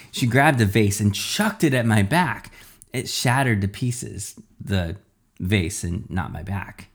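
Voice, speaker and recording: A man's voice: fairly low pitch, expressive, slow, creaky, husky. A man reading a first-person children's story aloud.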